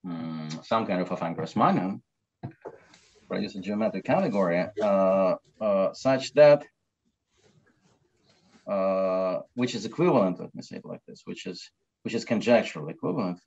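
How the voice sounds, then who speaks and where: Halting low-voiced man giving a lecture. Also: expressive, gravelly, a little mellow, slightly rough. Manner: halting, many fillers and restarts. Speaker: mathematics lecturer. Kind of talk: academic lecture. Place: lecture hall. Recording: dull lo-fi lecture recording.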